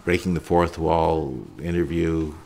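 A man's voice: extremely low pitch, little pitch movement, a little slow, creaky, darkish tone, slight background noise. A documentary filmmaker, a man, answering interview questions in a plainspoken, reflective way.

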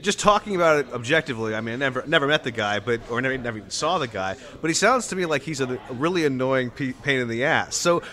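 A man with a bright, forward voice hosts a conversational interview. He builds long questions haltingly, stammering and restarting as he goes. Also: mid-range voice, expressive. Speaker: podcast host, interviewer.

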